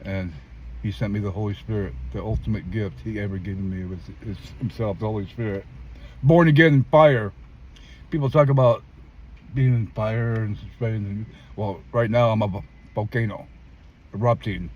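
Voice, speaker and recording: A man's voice: fairly even intonation, normal speed, darkish tone. Older man telling his life story emphatically. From California. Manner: emphatic storyteller who acts out quoted voices, often jumping high. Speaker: interviewee. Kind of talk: personal testimony in a street interview. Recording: dull lo-fi sound with faint traffic.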